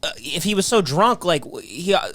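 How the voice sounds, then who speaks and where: A man's voice: on the high side, very animated, normal speed, fairly bright tone. A man bantering on a podcast, joking and rambling with lots of restarts. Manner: jokey, rambling, restarts a lot. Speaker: podcast co-host. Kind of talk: casual banter.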